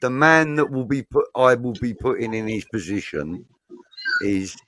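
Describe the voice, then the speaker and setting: Casual: bloke chatting footy, rambly and relaxed, reads out the comments. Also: male voice, medium pitch, normal speed, dry recording. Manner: rambling, laid-back, swears casually. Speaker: fan podcast co-host. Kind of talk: casual fan chat reading live comments.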